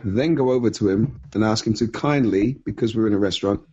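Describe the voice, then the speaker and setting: A man co-hosting a podcast in casual chat, giggly and deliberate. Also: fairly low pitch, mellow, husky, highs cut off. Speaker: podcast co-host.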